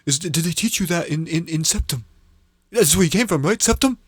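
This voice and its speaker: A man's voice: a little high, expressive, brisk, husky, dry recording, pitched above the performer's own voice. A skittish young boy, as a game master puts him on, asking one eager, worried question after another. His voice sits well above a grown man's and bounces up and down. The recording is close and dry. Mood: anxious. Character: nervous young boy companion.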